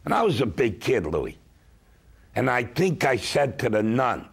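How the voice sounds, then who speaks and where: A man's voice: mid-range voice, creaky, husky. A middle-aged man, a consumer advocate telling emphatic stories on a talk show. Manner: slow, emphatic, lively storyteller. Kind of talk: storytelling talk-show chat.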